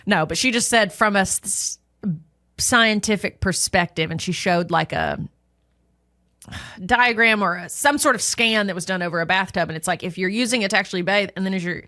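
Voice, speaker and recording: A woman's voice: medium pitch, normal speed, pushed and bright, no echo, studio quality. A woman co-hosting a podcast, telling stories in casual chat, full of "like" fillers. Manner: chatty, storytelling with lots of "like" fillers. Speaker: podcast co-host.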